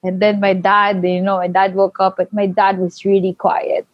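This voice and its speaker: A young woman telling a personal story in casual chat, full of fillers and animated quoting. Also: medium pitch, moderate pace, no echo. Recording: dull lo-fi, dry.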